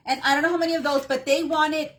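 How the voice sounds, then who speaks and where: A woman's voice: sits high, fairly even intonation, fast talker, a bit bright. A woman hosting a live craft tutorial on her phone, chatting and greeting viewers by name between steps. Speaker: craft workshop host.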